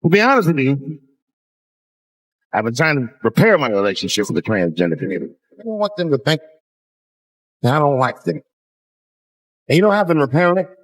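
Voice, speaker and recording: A man in his forties performing a loose, profane stand-up set, drawling with sudden jumps in pitch. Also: big pitch swings, fairly quick, long pauses. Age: 40s. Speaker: stand-up comedian.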